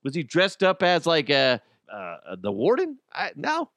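A man's voice: fairly high pitch, huge pitch swings, unhurried, fairly bright tone, no room sound. Crude, mocking male podcast host. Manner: crude, mocking, laughs at his own jokes. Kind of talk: comedic podcast rant.

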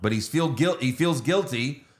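A man's voice: medium pitch, lively intonation, moderate pace. A man co-hosting a podcast, casually recapping a movie plot with fillers and swearing. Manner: recounts plot with fillers and acted quotes. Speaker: podcast co-host.

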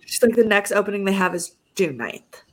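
A woman's voice: mid-range voice, expressive, brisk, fairly bright tone, breathy edge. A young adult woman co-hosting a podcast, telling a story in a casual chat and acting out both sides of phone calls. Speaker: podcast co-host.

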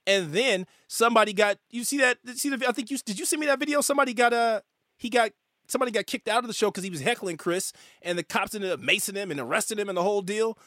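A man's voice: sits high, fast talker, sharp tone, no echo, clean studio sound. A man hosting a casual interview, stumbling and restarting his questions. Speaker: podcast host.

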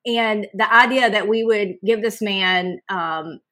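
A woman's voice: mid-range voice, slow pace, a bit bright. A woman from North Carolina, a guest on a podcast, talking casually with gushing emphasis.

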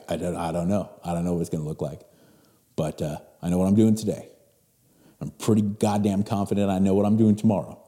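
A man's voice: lowish voice, mellow. A man in his forties hosting a podcast, giving a blunt, emphatic motivational talk and swearing freely. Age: 40s. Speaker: podcast host. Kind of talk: motivational monologue.

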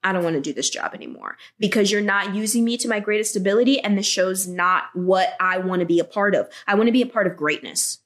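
A woman on a podcast telling animated, sassy stories and acting out the dialogue in them. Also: medium pitch, fast, few pauses. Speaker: guest. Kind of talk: casual podcast conversation.

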